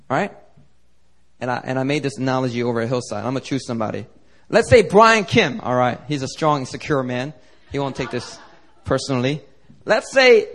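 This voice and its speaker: Animated joking man preaching a sermon. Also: a little high. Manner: lively, joking storytelling. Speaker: pastor. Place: church service.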